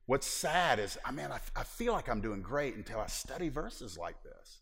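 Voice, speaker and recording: Animated pastor preaching in a reverberant hall. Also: male voice, medium pitch, brisk, husky. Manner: animated, humorous, acts out little scenes. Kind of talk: sermon.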